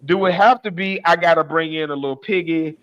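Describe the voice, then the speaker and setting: A man's voice: on the high side, brisk, a bit bright, lo-fi sound. A man co-hosting a podcast, going off on a comedic, profane, exasperated rant in casual talk. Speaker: podcast co-host.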